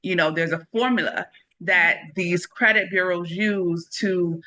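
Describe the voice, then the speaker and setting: A woman's voice: lowish voice, measured pace, bright, forceful tone, poor audio. A woman author being interviewed, talking casually and animatedly, laughing as she tells stories with casual slang. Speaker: author guest.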